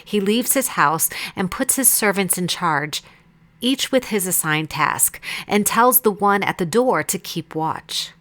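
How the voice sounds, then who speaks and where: A woman reading Bible passages aloud in a measured, deliberate way. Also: medium pitch, animated, fairly bright tone. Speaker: Bible reader. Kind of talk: scripted scripture reading.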